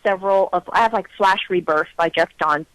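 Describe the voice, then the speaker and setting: A woman co-hosting a casual podcast, excitable and gushing, rushing through her quoted asides. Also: on the low side, rough recording. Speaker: podcast co-host.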